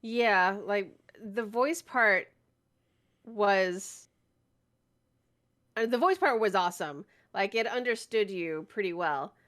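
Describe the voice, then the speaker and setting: A woman co-hosting a casual gaming podcast, relaxed and giggly, with frequent hesitant fillers. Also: mid-range voice, slow pace, long pauses. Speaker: podcast co-host. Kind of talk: casual chat.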